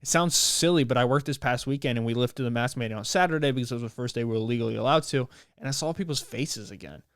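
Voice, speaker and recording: A young man, hosting his podcast and talking in a rambling, animated, slangy way. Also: medium pitch, fast talker, few pauses, dry recording, clean studio sound. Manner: rambling, animated, slangy, with playful put-on voices. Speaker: podcast host. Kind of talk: casual solo podcast monologue.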